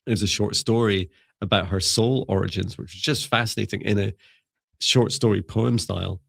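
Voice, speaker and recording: A man's voice: on the low side, steady tone, normal speed, gravelly, slightly rough, no room sound, studio quality. A man co-hosting a live spiritual reading stream, chatting casually in a rambling, musing way and laughing often. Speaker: psychic mentor and live show co-host.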